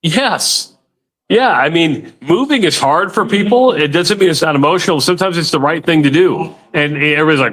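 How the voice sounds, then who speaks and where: A man's voice: fairly high pitch, normal speed, fairly bright tone. A man hosting a sports radio show, talking casually and with strong opinions, often repeating a word as he starts a thought. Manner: opinionated, loose, repeats words when starting.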